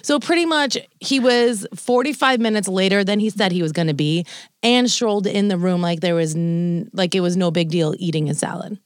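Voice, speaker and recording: A woman's voice: fairly low pitch, normal speed, smooth, dry recording, clean studio sound. A young woman co-hosting a casual podcast, telling a long anecdote with lots of "like", swearing and laughter. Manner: animated storytelling, acts out quoted lines, swears, laughs often. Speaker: podcast co-host.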